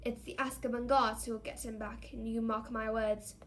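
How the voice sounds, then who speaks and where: A woman reading aloud as a kindly middle-aged father who sounds grave and measured. His manner is fatherly and earnest. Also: a little high, level tone, lightly acted.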